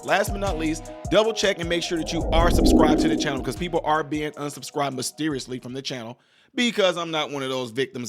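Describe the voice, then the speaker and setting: A man's voice: a little high, quick pace, soft background music. A man hosting a political commentary vlog, talking casually and with energy straight to his viewers. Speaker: channel host.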